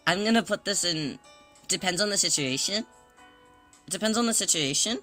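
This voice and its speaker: A man's voice: high voice, animated, normal speed, faint music behind. A man chatting casually on a livestream, rambling and self-conscious, greeting viewers as they arrive. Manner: greets chat members warmly.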